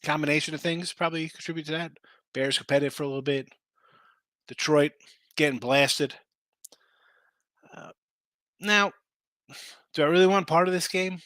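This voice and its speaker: A man's voice: a little high, moderate pace, long pauses, a bit bright, dry recording. A man hosting a live sports betting show, tired and losing his voice, chatting casually about point spreads and answering viewers in the chat.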